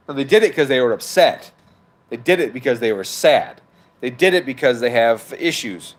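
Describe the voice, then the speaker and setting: A man's voice: mid-range voice, lively intonation, moderate pace. Profane, argumentative male streamer. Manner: profane, argumentative, talks back to comments. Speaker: livestream host reading chat. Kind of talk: heated casual livestream rant. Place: at home.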